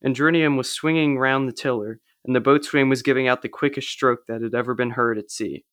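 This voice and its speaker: A man reading a story aloud during a church service, even and reflective. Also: mid-range voice, fairly quick, no room sound, clean studio sound. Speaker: liturgy reader.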